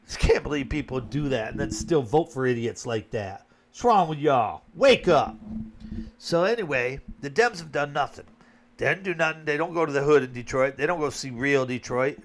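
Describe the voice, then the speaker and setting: A man's voice: medium pitch, brisk, fairly bright tone, slight background noise. A man from Flint, Michigan, giving a blunt, colloquial opinion monologue as a vlogger.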